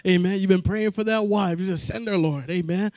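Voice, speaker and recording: Animated high-voiced male preacher. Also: fairly quick, no echo, clean studio sound. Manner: animated storytelling, acts out voices, call-and-response amens. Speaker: pastor. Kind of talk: sermon with personal story.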